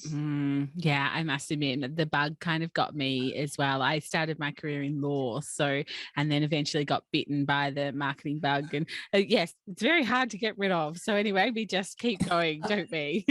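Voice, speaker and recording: A woman's voice: low voice, normal speed, few pauses, a bit bright, no echo. A woman hosting a podcast interview, chatting casually and agreeing readily with her guest. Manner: agreeable, backchannels with mm and yeah. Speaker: podcast host.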